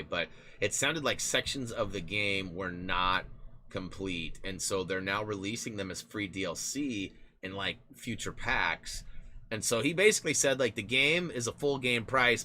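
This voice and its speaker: A man streaming live, chatting casually with viewers in a rambling, animated way with lots of restarts. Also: on the low side, slight background noise.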